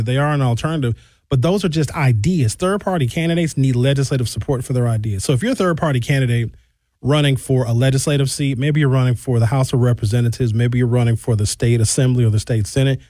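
A man's voice: mid-range voice, a little mellow, no room sound. A man hosting a radio talk show, reading listener texts aloud and answering them in a frank, conversational way from the studio. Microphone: studio microphone.

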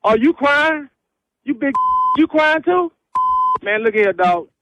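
A man's voice: extremely high pitch, lively intonation, slow, very noisy. A man arguing on the phone, dismissive and laughing, speaking in streetwise slang. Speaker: prank victim on the phone. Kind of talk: heated phone argument.

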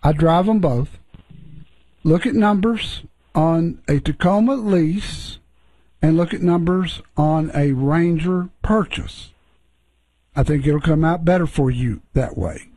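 A man's voice: on the high side, slow pace, dark tone, dry recording, poor audio. A middle-aged man hosting a call-in radio show about cars, chatty and easygoing as he gives advice. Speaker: radio car show host.

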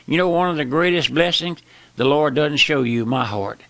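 A man preaching a sermon with impassioned pitch jumps, slowing down for emphasis and calling out "my friend" often. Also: fairly bright tone, no room sound.

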